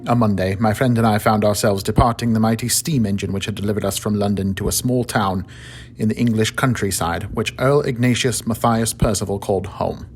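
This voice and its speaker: A man calmly narrating a fictional story in a measured storytelling manner. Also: lowish voice, a little hiss or hum.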